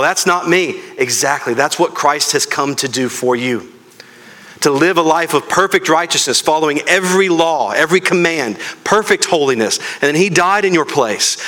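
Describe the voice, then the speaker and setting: A man's voice: on the high side, fairly bright tone. A man preaching a sermon as pastor, earnest and speaking directly to his congregation.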